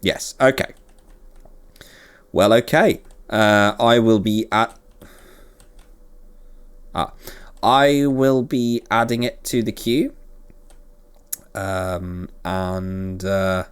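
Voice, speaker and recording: A man's voice: lowish voice, steady tone, drawn-out words, pauses often, clean tone. A man hosting a game series, chatting casually and rambling with self-deprecating jokes as he plays. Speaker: let's play host. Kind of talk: casual gameplay commentary.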